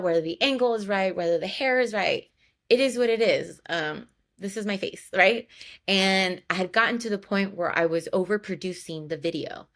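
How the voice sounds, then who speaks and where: A woman's voice: fairly low pitch, a bit bright. A woman hosting a personal podcast, telling a candid story in a chatty way full of "like" and "you know". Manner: candid and emotional. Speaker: podcast host.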